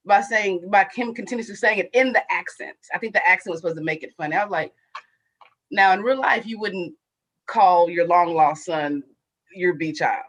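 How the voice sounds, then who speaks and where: A woman guest chats easily on a talk show in a mid-pitched voice. She laughs often while telling stories and drops into a flat, deadpan voice for quoted lines. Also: poor audio. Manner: laughing, chatty storyteller, acts out quoted lines flatly. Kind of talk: casual chat.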